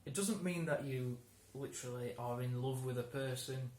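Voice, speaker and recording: Relaxed man explaining words in a roomy room. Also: medium pitch, moderate pace, slight background noise. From England. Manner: relaxed, explains with examples, often restarts and laughs. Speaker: English teacher. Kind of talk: conversational lesson. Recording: roomy room, faint ambience.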